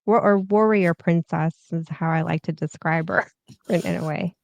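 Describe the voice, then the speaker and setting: A woman co-hosting a casual film review chat. She talks in a measured, easygoing way and fills her pauses with "um". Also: on the low side, steady tone, vocal fry, no room sound, clean studio sound. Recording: dull, lo-fi audio.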